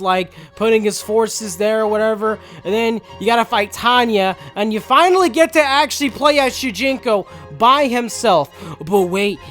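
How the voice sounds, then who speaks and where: A man's voice: high-pitched, a bit bright. A man giving a casual, sarcastic, profanity-laced recap of a game story as a reviewer.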